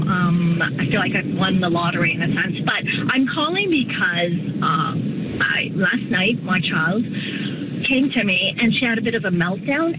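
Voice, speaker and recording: Woman caller, hesitant, near tears, tinny phone line, road noise behind. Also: lowish voice. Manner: hesitant, emotional. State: on the verge of tears. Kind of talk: phone-in call.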